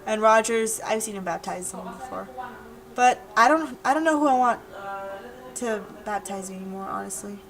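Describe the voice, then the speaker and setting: A woman's voice: mid-range voice, normal speed, low-quality recording. A young woman talking casually to her webcam in a diary-style vlog, rambling and repeating herself. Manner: rambling, chatty, repeats words. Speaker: vlogger.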